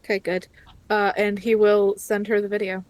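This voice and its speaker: A woman's voice: medium pitch, little pitch movement, moderate pace, a little mellow. A woman playing a tabletop game, speaking in a dry, sarcastic way. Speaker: player. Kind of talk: tabletop role-play, in and out of character.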